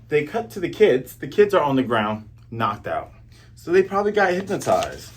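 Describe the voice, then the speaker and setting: An animated man gives casual commentary on a comic, joking as he goes and acting out the characters. His husky voice rises fairly high and swings widely in pitch. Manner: animated, jokes and acts out characters. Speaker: comic book reviewer.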